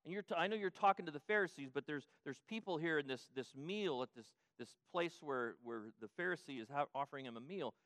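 An older male pastor delivering a sermon in a fairly high voice. He preaches emphatically, repeating phrases, restarting mid-thought and swelling to loud peaks. The recording is close and dry. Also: animated, fast talker, few pauses, dry recording.

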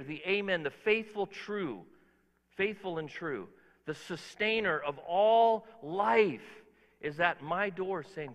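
Bright-voiced preacher man in a big hall. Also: fairly high pitch, lively intonation, measured pace. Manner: emphatic, swings between quiet asides and loud exhortation; preaches directly to the congregation with questions. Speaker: pastor. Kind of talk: sermon.

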